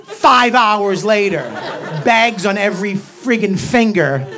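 A middle-aged man doing a stand-up comedy set. He rants loudly and acts out other voices. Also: high-pitched, takes it slowly, some chatter behind. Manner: loud, ranting, acts out voices and swings into shouting. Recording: live show with audience laughter.

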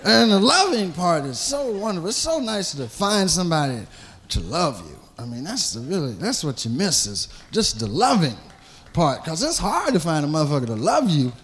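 Animated profane man doing stand-up. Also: a little high, moderate pace, a little hiss or hum. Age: adult, married. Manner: profane, animated, acts out voices of men in bars. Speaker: stand-up comedian. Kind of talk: stand-up comedy routine.

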